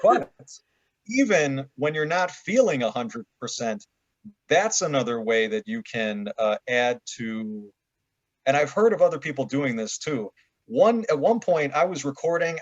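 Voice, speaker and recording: A man's voice: mid-range voice, no echo. A man, an audiobook narrator, talking casually as a guest in an easygoing storytelling manner. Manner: easygoing storyteller, some stammered restarts. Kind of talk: casual interview chat. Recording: dry, dull lo-fi call audio.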